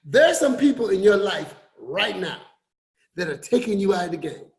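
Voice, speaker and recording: A man giving a motivational talk to an online group, repeating his points and swinging between loud emphasis and quiet drops. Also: high-pitched, very animated, moderate pace. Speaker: forex coach and motivational speaker.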